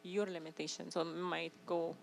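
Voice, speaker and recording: A woman's voice: fairly low pitch, flat delivery, normal speed, gravelly, rough recording. A woman in the audience at a church parents' meeting asking a question. She speaks hesitantly, with fillers and small laughs. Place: church hall.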